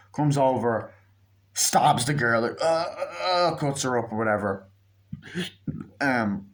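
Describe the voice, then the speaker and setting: A man giving a casual spoken movie review, rambling and swearing, acting out scenes with quick mimicked lines. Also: fairly low pitch, fairly bright tone.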